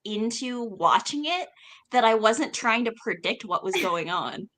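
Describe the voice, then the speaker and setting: A woman co-hosting a casual podcast with a bright, tense edge to her voice. Her pitch swings widely as she tells stories, and she is enthusiastic and quick to laugh. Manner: animated, enthusiastic, laughs easily. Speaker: podcast co-host. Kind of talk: casual chat.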